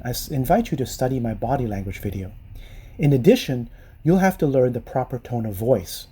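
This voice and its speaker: A man's voice: medium pitch, dark tone, a little hiss or hum. A man giving dating advice in an emphatic, teaching tone, as an instructional voice-over. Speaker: dating coach.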